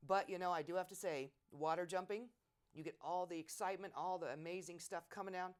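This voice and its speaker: A middle-aged woman in an oral history interview, telling war stories in a lively way and acting out quotes loudly. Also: fairly low pitch, a little fast, smooth. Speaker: veteran interviewee.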